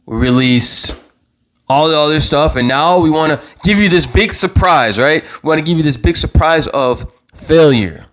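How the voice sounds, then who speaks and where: A young man hosting his own live show, giving impassioned commentary in a heated, worked-up voice, repeating himself and stumbling over restarts as he gets louder. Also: a little high, normal speed. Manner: heated, repetitive, stammering restarts, rising to near-yelling. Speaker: vlog host.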